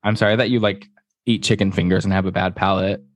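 A man's voice: sits low, steady tone, quick pace, no room sound. A man co-hosting a podcast in a campy, chatty way, swearing freely as he gossips. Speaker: podcast co-host. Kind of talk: casual gossip chat.

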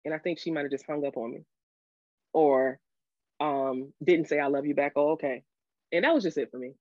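A woman guest on a podcast telling the story of her marriage and divorce, emotional and halting, with many restarts, rising sharply when she quotes herself. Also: low-pitched, mellow, dry recording. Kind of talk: candid storytelling about a marriage. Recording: dull lo-fi audio.

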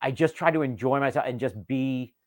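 A comedian from North Carolina and Delaware telling stories in a casual chat and acting out the dialogue. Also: male voice, medium pitch, brisk, dry recording, studio quality. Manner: animated, acts out quoted dialogue. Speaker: stand-up comedian guest.

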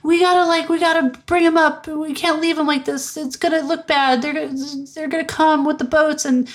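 A woman voicing a frantic young woman pleading on a beach, in a shrill, fast voice. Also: steady tone, close to an everyday voice.

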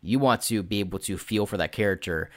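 Low-voiced man in rambling casual chat. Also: a little fast, no room sound, studio quality. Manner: rambling, swears casually, acts out quotes in put-on voices. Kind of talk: casual chat about tabletop role-playing.

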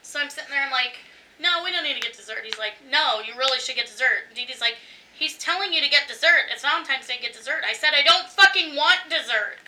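A high-pitched woman with a piercing, bright voice tells a story in casual chat, animated and quick to swear and laugh. She sounds a little distant from the mic. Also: slight background noise. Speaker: podcast co-host.

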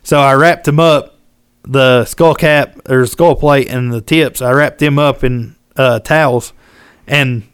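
A man telling a hunting-trip story in casual podcast chat, animated and drawling, acting out quotes and laughing along. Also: medium pitch, slow pace, smooth, dry recording, clean studio sound. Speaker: podcast co-host.

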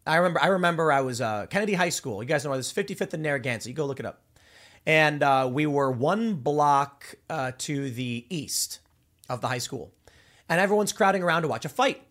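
A man from Chicago hosting a political commentary show, talking off the cuff in an animated, rambling way full of restarts and repeated words. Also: on the high side, brisk. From Chicago, USA. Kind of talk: unscripted political monologue.

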